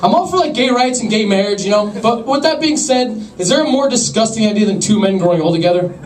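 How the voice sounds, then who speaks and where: A young man doing a stand-up comedy set with an awkward, deadpan, self-deprecating delivery to a laughing crowd. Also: high voice, quick pace, background noise. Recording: echoey club from far off.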